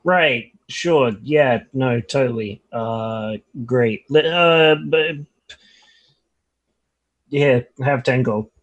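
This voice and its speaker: A man's voice: mid-range voice, extremely slow, muffled recording. A man playing a tabletop game, speaking in a dry, sarcastic way. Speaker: player. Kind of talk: tabletop role-play.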